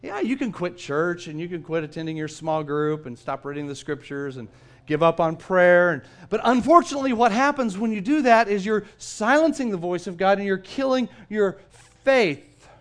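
High-voiced man preaching a story sermon. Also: moderate pace. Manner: storytelling, animated, repeats words when starting. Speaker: pastor.

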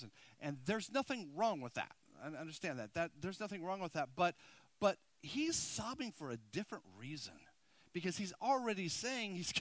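A man preaching a sermon as pastor, swinging between loud emphasis and hushed intensity, repeating words and checking in with his congregation. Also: high voice, no echo.

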